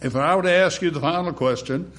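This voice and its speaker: A male preacher with a notably high voice delivers a sermon. His manner is rhetorical and theatrical, his voice climbing for emphasis and then sinking to soft, hushed phrases. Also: quick pace. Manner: dramatic, swings between booming emphasis and hushed near-whispers; rhetorical, acts out congregation replies. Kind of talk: sermon with opening prayer.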